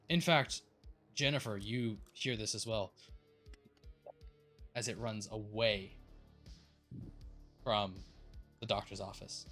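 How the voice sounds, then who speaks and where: A man's voice: fairly low pitch, a bit bright. Rambling, laid-back male game master. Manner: loose, rambling narration full of fillers and casual swearing. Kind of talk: running a tabletop game over voice chat.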